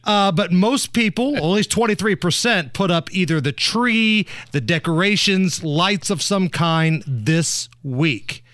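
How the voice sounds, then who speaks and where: Man, radio host, high voice, dry studio sound, wry and joking. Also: lively intonation, a little slow, hardly any pauses, fairly bright tone, dry recording. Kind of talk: casual radio banter.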